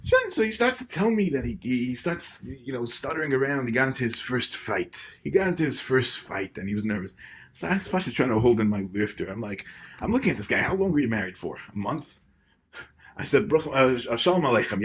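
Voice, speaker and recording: A man's voice: mid-range voice, very animated, quick pace, breathy edge. A man doing a comic monologue as a rabbi giving marriage advice, rambling and stammering. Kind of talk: comedic monologue in character.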